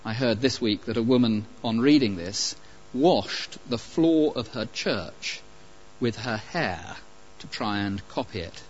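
A man preaching a sermon, emphatic and animated, with pauses and light asides. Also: mid-range voice. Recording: dull lo-fi recording.

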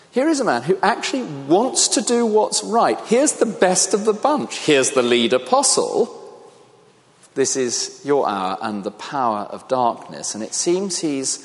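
A man preaching a sermon, reflective, asking the congregation questions. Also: sits high. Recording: long reverb of a large hall.

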